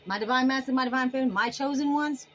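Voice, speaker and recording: A woman's voice: sits high, fast, a little hiss or hum, poor audio. A woman giving a casual tarot reading to camera, emphatic and folksy, full of sassy endearments. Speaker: tarot reader.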